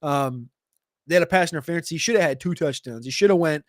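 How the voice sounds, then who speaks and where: A man hosting a casual livestream Q&A, answering viewer questions in a quick, chatty way with sudden jumps in pitch. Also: dry recording, clean studio sound. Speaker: fantasy football show host.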